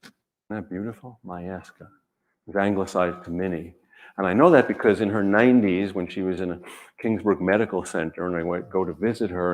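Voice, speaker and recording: A man, an author, speaking gently and reflectively in short measured phrases, then reading his own writing aloud. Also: low-pitched.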